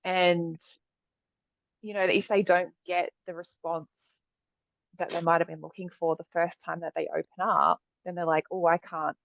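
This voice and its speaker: Woman podcast host, lowish voice, reflective, dry close sound, slightly dull audio. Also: flat delivery, unhurried, creaky, no echo. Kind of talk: conversational podcast talk.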